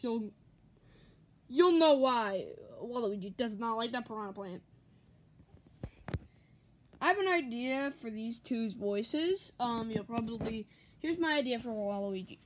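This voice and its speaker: A woman's voice: a little high, measured pace. A woman rambling through a casual haul vlog, offhand and swearing mildly. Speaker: vlogger.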